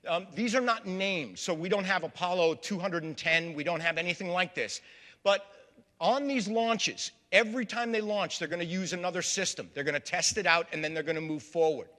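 A man's voice: sits high, a little fast, bright, forceful tone. A man giving a public history lecture to a live audience, storytelling and calling them folks. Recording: long reverb of a large hall.

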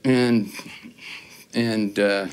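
A man's voice: fairly low pitch, steady tone, drawn-out words, smooth. A man giving a casual guitar demo, telling rambling, joking stories between playing. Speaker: guitar demonstrator. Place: guitar shop.

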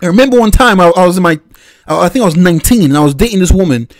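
A man's voice: high-pitched, lively intonation, rapid-fire, no echo. A man from Nigeria hosting a reaction video, giving opinionated, lecturing commentary on a clip.

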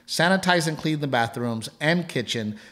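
A man's voice: fairly high pitch, lively intonation, moderate pace, a bit bright. A man co-hosting a podcast, telling a family story in a rambling casual way with many restarts. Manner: rambling, repeats words, laughs while telling a story. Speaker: podcast co-host.

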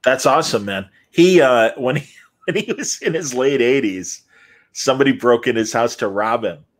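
Man, host, live Q&A interview, animated storyteller, acts out quoted voices, mid pitch. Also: normal speed.

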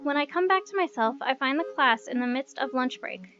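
A woman narrating a visual novel aloud, expressive, with playful asides. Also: high voice, brisk. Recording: dull lo-fi recording with music.

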